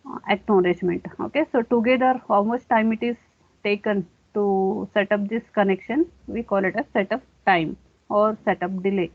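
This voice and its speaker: A woman's voice: medium pitch, moderate pace, no echo. A woman giving a classroom lecture, explaining step by step and often saying okay. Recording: dry, tinny phone-like sound.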